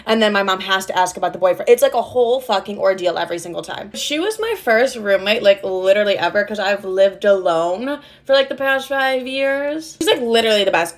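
Chatty, profane young woman telling a story. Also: medium pitch. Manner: chatty, profane, heavy use of filler "like". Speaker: content creator. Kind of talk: casual storytime.

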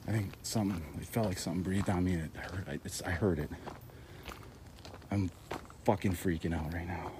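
A man filming himself on a wooded trail at night, nervous and swearing in hushed tones, out of breath, recorded on his camera rig mic. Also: sits low, fairly even intonation, a little fast, pauses often, noisy background. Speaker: vlogger. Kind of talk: night walk vlog. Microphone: camera rig mic, handheld.

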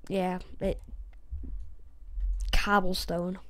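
A woman's voice: mid-range voice, a little slow, dark tone, no room sound. A woman hosting a let's-play, chatting casually and rambling while correcting herself. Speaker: gaming channel host.

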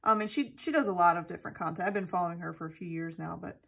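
A woman vlogger in loose, casual chat, with a bright, forward tone. She gushes and rambles, filling pauses with ums and wandering off on tangents. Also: lowish voice, gravelly, breathy edge. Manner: gushing, rambling, with many fillers and tangents. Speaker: planner vlogger.

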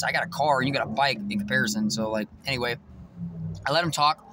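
Fast-talking, swearing man venting. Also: a little high, bright, forceful tone, a little hiss or hum. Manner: profane, agitated, boastful. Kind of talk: casual storytelling vlog. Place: parked car in a parking lot.

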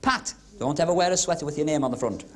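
A man doing comic magic patter on a club stage, teasing audience volunteers with quick cheeky asides. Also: a little high. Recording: 1970s TV broadcast with crowd laughter and hiss. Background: audience laughing and murmuring.

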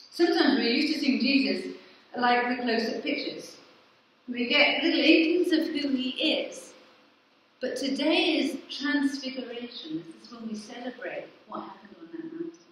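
This is a woman vicar's sermon, captured from far away in a large, reverberant church hall, where she asks the congregation questions and answers them on her own. Her fairly high voice is expressive and somewhat bright, moving at a normal speed. Some slight background noise can be heard.

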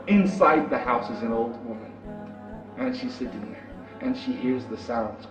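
A man's voice: mid-range voice, unhurried. Male preacher telling a story, dramatic short lines, far away in an echoey room, music under it. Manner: dramatic, short punchy sentences. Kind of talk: storytelling sermon. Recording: distant roomy dull sound with music.

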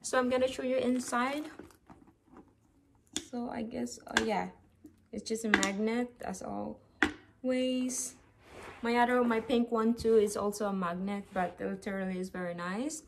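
A woman from the Philippines filming a casual unboxing vlog, gushing with excited exclamations. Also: fairly high pitch, measured pace, gravelly, pauses often, noisy background. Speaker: vlogger.

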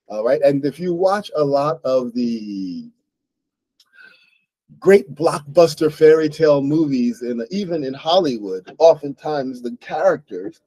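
A man's voice: a little high, dark tone, no room sound, rough recording. A man with an American accent hosting an English book club, reading a novel aloud and explaining it to learners in a patient way, often checking in with "right?". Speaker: host and English teacher.

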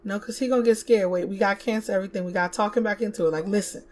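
A woman's voice: medium pitch, steady tone, rapid-fire, a little mellow. A woman giving casual let's-play commentary, chatting to her game characters as she plays. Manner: chatty, talks to the game characters, slips into Southern US slang. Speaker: gaming YouTuber.

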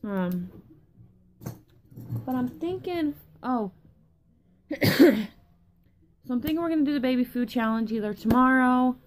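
A woman's voice: sits high, lively intonation, a little slow, long pauses, a little hiss or hum. A young woman vlogging in a casual rambling way, tired from lack of sleep, swearing often and losing her train of thought. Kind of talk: casual rambling vlog chat.

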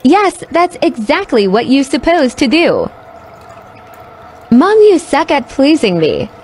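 A woman gives voice to a spoiled bulldog with a smug, bossy attitude. He speaks slowly and high, his pitch rising and falling widely, as if every request is beneath him. A faint hum of the room sits behind him. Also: wildly swooping pitch, a little mellow, exaggerated voice. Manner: slow, smug and bratty. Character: sassy spoiled male bulldog, bossy and demanding.

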